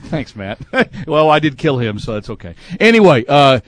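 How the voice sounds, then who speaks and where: A man's voice: mid-range voice, very animated, normal speed, no room sound. A man in his fifties from Texas hosting a sports radio show, chatting casually and laughing often.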